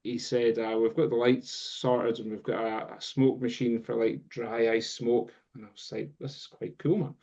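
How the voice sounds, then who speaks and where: A Scottish man, a guest drum teacher, telling a long story in casual chat, rambling with many pauses and fillers. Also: medium pitch, level tone, warm tone. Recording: dull lo-fi sound.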